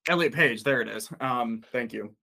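A man co-hosting a podcast in casual chat, excitable and laughing often, swearing freely. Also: mid-range voice, normal speed, vocal fry. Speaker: podcast co-host.

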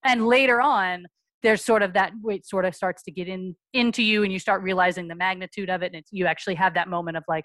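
A woman, around her forties, being interviewed as a guest on a podcast and recounting her family's experiences frankly and briskly, acting out the voices of people she quotes. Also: on the low side, fairly even intonation, a bit bright, dry recording. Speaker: guest, mother.

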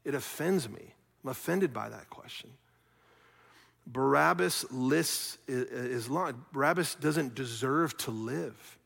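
A man preaching a sermon as pastor, earnest, swinging from loud questions to quiet, soft passages. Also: mid-range voice, slow pace, vocal fry, breathy edge, long reverb tail. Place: church sanctuary.

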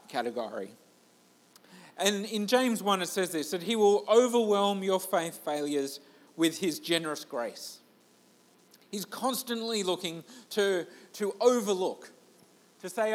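A man gives a sermon in a loose, chatty way. His voice sits high for a man, and he pokes fun at himself as he goes. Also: lively intonation, a little slow. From Australia. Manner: conversational, self-deprecating, with restarts. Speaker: pastor.

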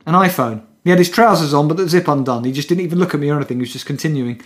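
A man talking quickly in a slightly higher register, reading news aloud on a casual podcast. His delivery is wry and mock-serious, and he drops dry asides between sentences. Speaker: podcast co-host.

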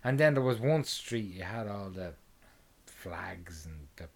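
A man's voice: sits low, lively intonation, unhurried, creaky, breathy edge. A man in casual chat, joking crudely and swearing freely as he swaps travel stories.

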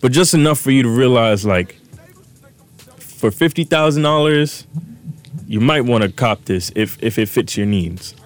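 A young man co-hosting a podcast speaks in a medium-pitched, animated voice, unhurried and with long pauses, while faint music plays behind him. In this casual chat he jokes around, uses slang and explains things at length.

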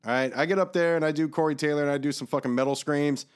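A man's voice: on the high side, steady tone, quick pace, smooth. A man co-hosting a podcast in casual chat, emphatic and profane, bantering with his friend. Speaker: podcast co-host.

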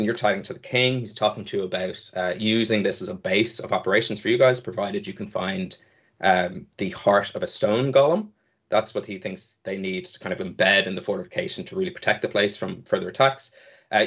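Man, game master, casual narration, low voice, dull lo-fi sound. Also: breathy edge. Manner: casual, loose, with many fillers. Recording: dull lo-fi audio.

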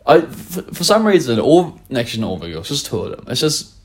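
A man's voice: medium pitch, sing-song, fairly quick, slightly rough. A young man from New Zealand, his accent tinged with Australian, co-hosting a podcast in casual sweary banter, rambling with lots of restarts. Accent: New Zealand, slightly Australian. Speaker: podcast co-host. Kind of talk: casual chat.

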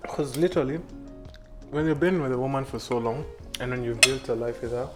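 A man's voice: mid-range voice, fairly even intonation, a little fast, over loud music. A man in casual chat, telling family stories with playful exaggeration, laughing often and restarting his sentences. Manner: repeats words and restarts a lot.

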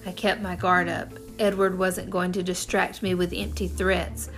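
A woman reading a chapter of a storybook aloud in the first person, in steady narration. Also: on the low side, a little slow, gravelly, hardly any pauses, faint music behind. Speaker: audiobook narrator.

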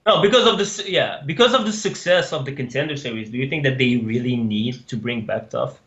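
A man's voice: a little fast, a bit bright. A man co-hosting a casual sports podcast, talking hesitantly with lots of fillers and restarts. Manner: hesitant, many fillers and restarts, swooping pitch. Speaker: podcast co-host. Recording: dull lo-fi sound.

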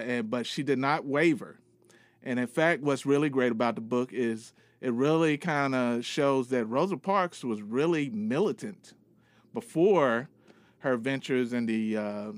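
A man with a New York accent talks through a book pick in a casual podcast segment. His voice is smooth and resonant, close and dry, his tone earnest and loose with fillers. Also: medium pitch, no room sound. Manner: relaxed, earnest, with many fillers. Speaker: podcast co-host giving book recommendations.

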